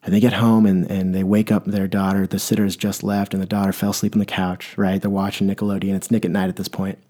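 A man rambles through a comic story, full of wry asides and shifting pace. His voice is low and mellow, and his delivery is relaxed and unhurried. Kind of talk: comedic monologue.

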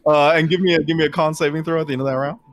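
A man's voice: a little high, fairly even intonation, rapid-fire, background noise. A man narrating as game master in a casual, filler-heavy way.

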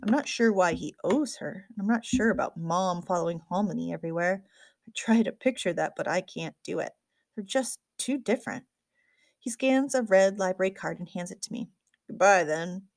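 A woman narrating a first-person audiobook with a lively, wry storytelling manner. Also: medium pitch, normal speed, gravelly, no echo.

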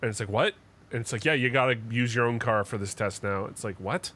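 A man's voice: mid-range voice, fairly even intonation, fast talker, a bit bright. A man co-hosting a podcast, telling stories in casual chat with heated, profane rants. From Canada. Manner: profane, heated ranting storyteller. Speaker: podcast co-host.

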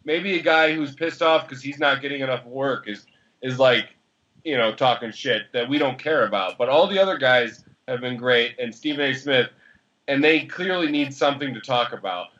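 A man's voice: medium pitch, fairly bright tone, lo-fi sound. A man co-hosting a podcast in casual sports chat, fired up and swearing as he argues his point. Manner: fired up, swearing, talks fast in bursts. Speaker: podcast co-host.

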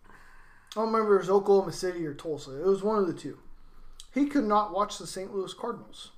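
A man's voice: high voice, expressive, fast talker, echoey room. A man co-hosting a casual podcast chat, telling stories and giving dry, short answers. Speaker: podcast co-host.

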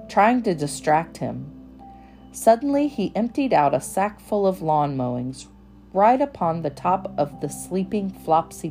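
A woman narrating a children's storybook in a gentle, measured manner. She reads very slowly in a lowish, mellow voice. Soft music plays faintly behind her. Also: gravelly. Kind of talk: storybook read-aloud narration.

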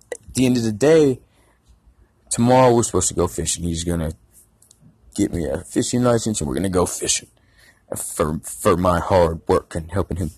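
Husky guy ranting a long swear-filled story, low voice, dry close mic. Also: dry recording. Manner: profane, rambling, animated storytelling. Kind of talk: casual ranting anecdote.

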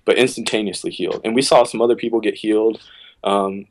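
A man with a fairly low voice tells a long story at an easy, conversational pace. He slips into quick bursts of acted-out speech and otherwise keeps a casual, friendly flow. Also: rough recording. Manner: relaxed storyteller, acts out quotes with sudden pitch jumps. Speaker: worship leader, podcast guest.

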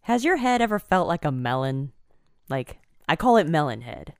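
A woman's voice: low voice, very animated, normal speed, dry recording, clean studio sound. A woman co-hosting a podcast in casual chat, playful and giggly with quirky asides. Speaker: podcast co-host.

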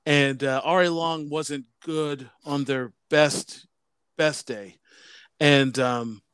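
A man with a smooth, resonant, slightly raised voice hosts a relaxed conversation. He reacts readily, laughs often, and tells his own stories in an easy way. The recording is dry and close. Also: on the high side, slow, no echo. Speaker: podcast host, former coach. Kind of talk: casual chat.

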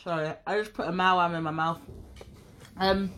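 A young woman co-hosting a podcast in casual chat, chatty and quick to correct herself. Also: mid-range voice, big pitch swings, a bit bright, slight background noise. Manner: chatty, self-correcting, giggly. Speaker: podcast co-host.

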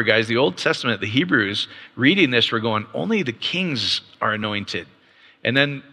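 A man with a bright, forceful voice gives a loose, conversational Bible lesson to a group in front of him. He keeps tossing in a quick "right?" and trips into restarts as he works through his points. His voice carries a long reverb, as if the mic picks him up in a large hall. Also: mid-range voice. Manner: casual, peppers points with rhetorical "right?"; frequent restarts and stammered repeats. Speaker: Bible teacher. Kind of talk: conversational Bible teaching with slides.

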